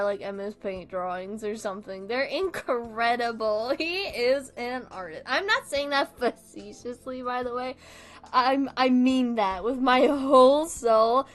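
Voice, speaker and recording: A high-pitched woman chats on her livestream at an unhurried pace, swearing freely and breaking into giggles. Faint music plays softly behind her. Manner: giggly, swears often, frequent laughing fits. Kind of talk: casual stream chat.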